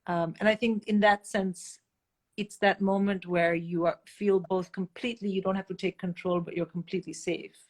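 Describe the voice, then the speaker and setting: A middle-aged woman tells candid stories with animated, blunt energy. Her voice sits at an ordinary middle pitch, and she swears freely as she jumps between voices. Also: normal speed. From India. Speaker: guest comedian. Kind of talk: candid storytelling chat.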